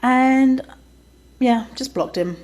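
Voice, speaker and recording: A woman's voice: high-pitched, takes it slowly, darkish tone. A woman hosting a podcast, telling a story in a casual, chatty way, swearing freely and often laughing. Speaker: podcast host.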